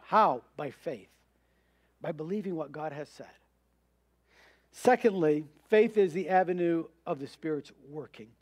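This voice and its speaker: A man's voice: fairly high pitch, a little slow, a little mellow, no room sound. A man preaching a sermon as pastor, emphatic, answering rhetorical questions and acting out voices of doubt.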